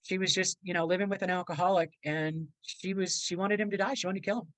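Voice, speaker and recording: A woman's voice: lowish voice, fairly even intonation, quick pace, dry recording, poor audio. A middle-aged woman, a podcast guest and motivational speaker, telling a personal story in a rambling, earnest way and acting out the voices of people in it.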